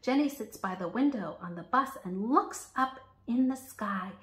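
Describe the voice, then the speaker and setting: A woman reads a children's story aloud with bright expression. Her voice sits a bit high and leaps up and down as she narrates. The recording has a roomy echo around it. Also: measured pace. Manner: lively, expressive read-aloud. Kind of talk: reading a picture book aloud.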